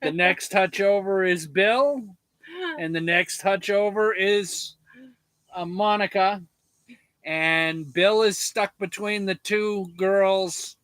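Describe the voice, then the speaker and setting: High, bright-voiced man chatting slowly. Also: smooth, dry recording. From Arkansas. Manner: easygoing, joking, with fillers and restarts. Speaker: homestead livestream co-host. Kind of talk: casual livestream chat.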